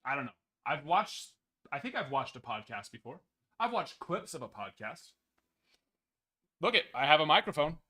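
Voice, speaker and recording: Animated card-break host, a man with a higher voice, lively and jokey, rambling casual chat. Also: moderate pace, pauses often. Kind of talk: casual live-stream chat.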